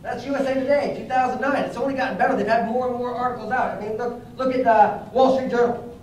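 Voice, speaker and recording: A young adult man giving a lively motivational training talk to a live group, telling stories and putting questions to the audience. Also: very high-pitched, fast, a little hiss or hum. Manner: energetic, storytelling, asks the audience questions. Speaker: network marketing trainer. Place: training room before an audience. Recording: very echoey room, mic at a distance.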